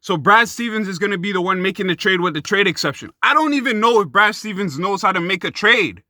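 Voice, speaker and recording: A man's voice: high voice, animated, fast, bright, forceful tone, no room sound, clean studio sound. A young man giving a heated, profane sports rant, talking to his viewers as guys and bro. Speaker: sports commentary YouTuber.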